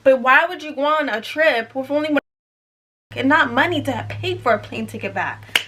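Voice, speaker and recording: A young woman telling a storytime vlog in an animated, sassy way with mocking asides. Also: high-pitched, normal speed, noisy background. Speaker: YouTuber.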